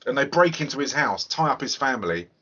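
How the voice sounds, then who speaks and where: A man's voice: medium pitch, big pitch swings, fast talker, pushed and bright. A man hosting a casual film review podcast, talking in a chatty, hesitant way. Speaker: podcast host. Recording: lo-fi podcast audio.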